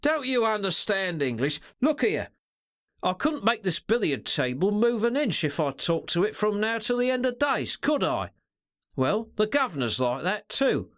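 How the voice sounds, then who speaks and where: Brief: high, lively sly henchman, sneering and slangy, as a male narrator puts him on. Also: full character voice. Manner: slangy, sneering, drawn-out remarks. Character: sly, stealthy male secretary, cold menace.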